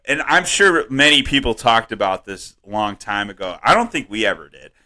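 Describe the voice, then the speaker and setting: Rambling, profane man with a bright voice. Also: mid-range voice, normal speed. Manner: rambling, profane, laughing often; animated, voice jumps up when worked up. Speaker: podcast co-host. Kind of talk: casual podcast chat.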